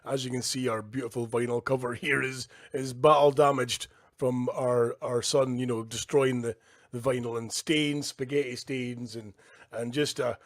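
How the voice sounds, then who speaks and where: A man from the Scottish Highlands with a Highland accent, reading a children's book aloud in a casual, jokey way at his kitchen table. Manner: easygoing, jokey, chatty asides. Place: kitchen at home, indoors.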